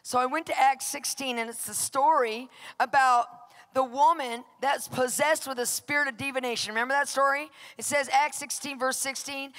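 Dramatic storytelling woman minister, bright-pitched. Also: steady tone, moderate pace, long reverb tail. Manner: emphatic, dramatic storytelling that acts out her own outbursts. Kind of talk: personal testimony preaching.

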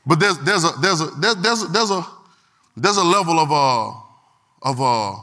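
Man, preacher, church service, high bright voice, call-and-response and shouts. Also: animated, normal speed. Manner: call-and-response with the congregation, swings from quiet to shouting. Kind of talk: sermon.

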